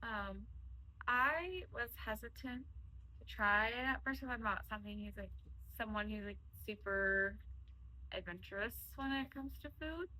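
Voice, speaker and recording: Bright-voiced young woman, chatty. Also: fairly high pitch, measured pace, poor audio. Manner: chatty, many "like" and "um" fillers. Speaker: guest, host's wife. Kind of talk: casual conversation.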